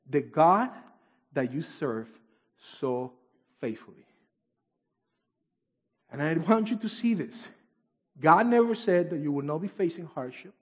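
Male pastor with non-native English phrasing, sermon delivery swinging from shouts to hushes; dull, reverberant hall recording. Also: high-pitched, husky. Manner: dramatic swings from shouts to near-whispers, reading scripture aloud.

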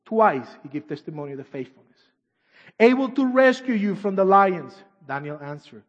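A man preaching a sermon and reading scripture aloud, swinging from shouts to near-whispers, with non-native English phrasing. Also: on the high side, lively intonation, normal speed. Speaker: pastor. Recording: dull echoey hall recording.

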